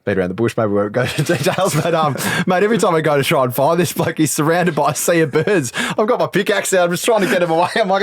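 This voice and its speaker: A husky-voiced man jokes his way through the chat. His pitch sits a little high and swings animatedly. He fills gaps with quick "yeah"s, and the recording is dry and close. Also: lively intonation, no echo. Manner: joking banter with quick agreeing "yeah"s. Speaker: guest comedian. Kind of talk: casual podcast chat.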